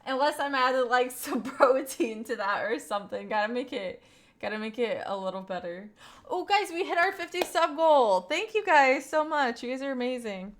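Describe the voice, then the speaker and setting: A woman's voice: high-pitched, lively intonation, normal speed, a bit bright. A young woman from Kentucky with a light Southern accent, chatting casually with her stream viewers and rambling with lots of fillers and laughs. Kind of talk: casual live-stream chat reading viewer messages.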